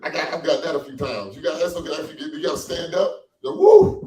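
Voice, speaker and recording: A man performing a stand-up comedy set in a small cafe, animated and loose, acting out quoted voices. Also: on the high side, fast talker, a crowd in the background. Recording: echoey room from far off.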